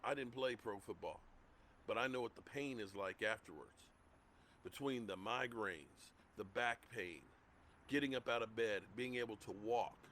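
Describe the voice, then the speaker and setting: A man's voice: medium pitch, a bit bright, slight background noise. A middle-aged man hosting a sports livestream, ranting heatedly and repeating himself as he gets worked up. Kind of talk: heated rant.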